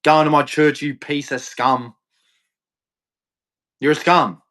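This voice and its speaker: A man with an unusually high, bright-toned voice for a man, ranting on a livestream. He speaks in a heated, accusatory way, hammering the same points again and again with harsh, profane language. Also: steady tone, takes it slowly. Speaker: livestream host. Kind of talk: angry livestream rant.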